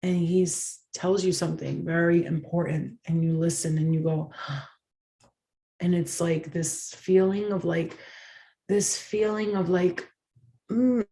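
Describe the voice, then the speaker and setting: A woman's voice: on the low side, fairly even intonation, takes it slowly, gravelly, dark tone. A woman giving a channeled tarot reading, talking in an effusive, emotional and dramatic way, with the odd swear word. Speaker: tarot reader.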